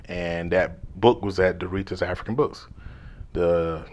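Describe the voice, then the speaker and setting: Deep-voiced man telling a laid-back story. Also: steady tone, a little slow, muffled recording. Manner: laid-back and slangy, often calls the listener "man"; drops to a hushed whisper when replaying his inner thoughts. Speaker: life coach. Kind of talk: casual personal storytelling.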